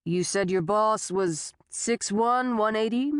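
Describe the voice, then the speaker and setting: A skeptical small-town sheriff, voiced by a woman lowering her tone, measured and dismissive. He speaks slowly and deliberately, close and dry. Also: clean tone, no room sound, lightly acted.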